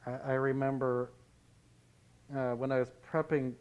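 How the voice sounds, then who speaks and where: A man's voice: mid-range voice, flat delivery, a little slow, a little mellow, smooth, lo-fi sound. Give me a man, a pastor teaching a Bible study, with a conversational manner and a mid-range voice. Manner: conversational and anecdotal.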